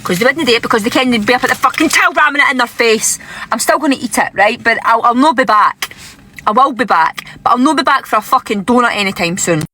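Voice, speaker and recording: A woman's voice: on the high side, animated, quick pace, pushed and bright, a little hiss or hum. A woman ranting angrily into her camera, swearing heavily and often checking in with "right?". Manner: exasperated, swearing, keeps asking "right?". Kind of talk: angry vlog rant.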